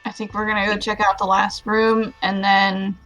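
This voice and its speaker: A woman's voice: medium pitch, flat delivery, normal speed, fairly bright tone, rough recording. A woman playing a tabletop game, casual and chatty. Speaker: player.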